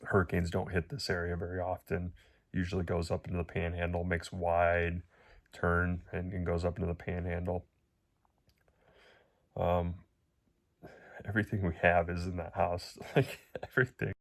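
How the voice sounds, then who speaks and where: A middle-aged man talks through a personal video update in a deep, low voice. His delivery stays flat and halting, full of pauses and fillers, and his voice sounds close to breaking. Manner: halting, emotional, voice nearly breaking. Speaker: vlogger.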